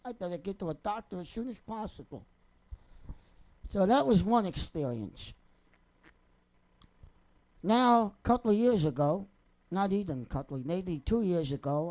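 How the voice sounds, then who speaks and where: Young guy telling stories off the cuff, warm easygoing voice, joking around and rambling. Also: high voice, lively intonation, moderate pace, pauses often, poor audio. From New Jersey. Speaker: singer telling personal stories. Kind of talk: casual off-the-cuff storytelling.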